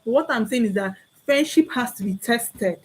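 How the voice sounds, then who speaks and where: This young woman talks with a Nigerian accent and a husky, breathy edge to her voice. She lectures earnestly and comes back to her main points again and again. Now and then she acts out short everyday exchanges to make a point. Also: a little high, animated, moderate pace, a little mellow, poor audio. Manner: earnest and preachy, repeats key phrases, acts out little dialogues. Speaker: vlogger. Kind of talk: heartfelt talk to camera.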